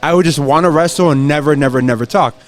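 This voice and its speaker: Animated storytelling man, higher pitch. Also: quick pace. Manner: animated storyteller who acts out his taunts. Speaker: guest, pro wrestler. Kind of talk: casual podcast chat.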